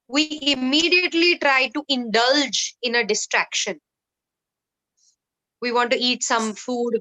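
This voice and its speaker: A woman's voice: fairly high pitch, highs cut off. A woman in her thirties with an Indian accent, leading a self-love workshop and telling stories, slipping in Hindi phrases. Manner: lively, mixes Hindi phrases, acts out quoted voices. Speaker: workshop facilitator. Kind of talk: workshop talk with anecdotes.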